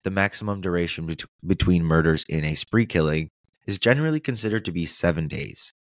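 A man's voice: deep voice, expressive, fairly quick, no room sound, studio quality. A man hosting a true-crime podcast, narrating the case with sarcastic asides and reading quotes aloud. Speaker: podcast host.

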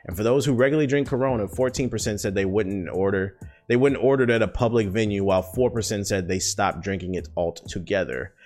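Low-voiced American guy ranting casually. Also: brisk, soft background music. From United States. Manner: loose and profane, full of fillers, swings from excited to low mutters. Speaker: podcast host. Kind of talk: casual solo podcast monologue.

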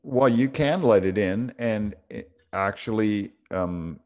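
A man's voice: on the low side, takes it slowly, a little mellow. A middle-aged man telling a story on a casual spiritual podcast, reflective and full of small restarts. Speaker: podcast co-host.

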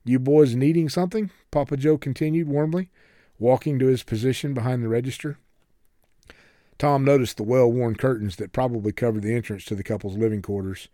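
Mellow-voiced male storybook narrator. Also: medium pitch, no echo, studio quality. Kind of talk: audiobook narration.

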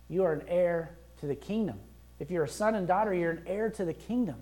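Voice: mid-range voice, fairly quick, darkish tone. A pastor preaching a sermon in a conversational, emphatic way, acting out prayers and quotes as he goes. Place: church.

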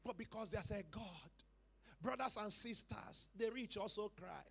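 High, gravelly preacher with shouted peaks. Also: male voice, normal speed. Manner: swings from soft hushed lines to loud shouted calls to the congregation; repeats phrases for emphasis. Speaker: pastor. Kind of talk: sermon. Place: church service.

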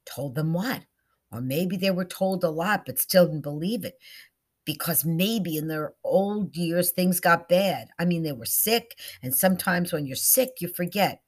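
A woman voicing an earnest, urgent woman who pleads in a hushed voice, in a storybook reading. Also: lowish voice, measured pace.

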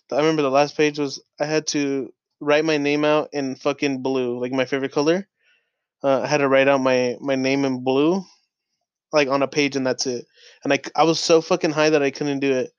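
A man's voice: on the high side, flat delivery, fairly quick, clean tone, dry recording. A young man hosting his own podcast, telling a rambling casual story full of "like" fillers and swearing. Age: young adult. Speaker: podcast host. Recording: dull, lo-fi dry recording.

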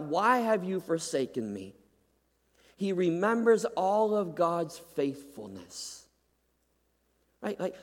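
A male preacher delivering a sermon with a fairly high voice that carries a long hall reverb. He builds to loud, pleading peaks, then drops low and hushed, tossing in a quick "right?" to keep the congregation with him. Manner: emphatic, dramatic rises and hushed drops, repeats "right?".

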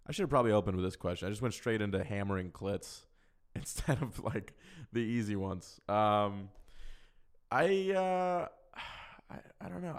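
A man's voice: on the low side, creaky. Frank, foul-mouthed male podcast host. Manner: frank, profane, rambling with fillers. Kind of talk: casual solo chat answering listener questions.

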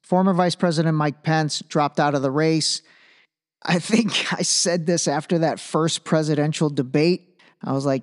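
A man's voice: fairly high pitch, fairly even intonation, normal speed. A man hosting a podcast solo, talking in a loose, chatty way and slipping in jokes. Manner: loose, chatty, jokey asides. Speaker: podcast host. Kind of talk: casual solo podcast commentary. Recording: long room reverb.

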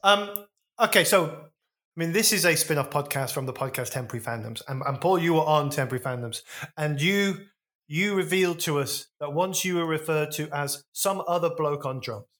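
Male podcast host, chatty interviewer who laughs easily, with a bright voice. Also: a little high, expressive, brisk, faint music behind. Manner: prompting, easily amused. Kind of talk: casual interview chat.

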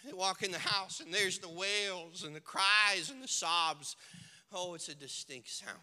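A male pastor preaching a sermon, moving between quiet storytelling and loud, shouted declarations while acting out the people in the story. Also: sits high, unhurried, in a large hall. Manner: swings from hushed storytelling to shouted preaching, acts out characters.

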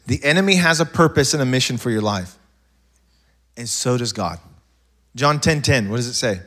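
Preaching to a congregation, this male pastor has a mid-range voice and shifts from hushed side remarks to loud, lively bursts. His storytelling is loose and keeps restarting.

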